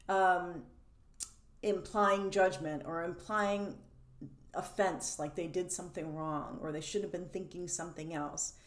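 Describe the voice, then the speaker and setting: Animated woman coaching in a roomy space. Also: fairly low pitch. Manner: animated, laughs between points, acts out quoted questions. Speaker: codependency coach. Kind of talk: teaching monologue. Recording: roomy echo.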